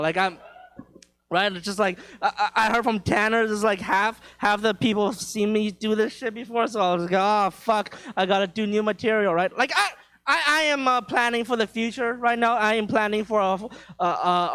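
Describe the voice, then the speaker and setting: A man's voice: high voice, a bit bright. A young man doing a stand-up set in a comedy club, talking in a rambling, profane, self-deprecating way, stumbling over restarts as he goes.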